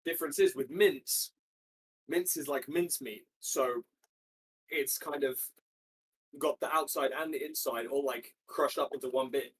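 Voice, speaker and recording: A man's voice: mid-range voice, measured pace, breathy edge. A young man chatting casually to a live stream while he cooks, rambling and slangy, swearing and trailing off mid-sentence, sometimes stepping away from the mic. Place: home kitchen.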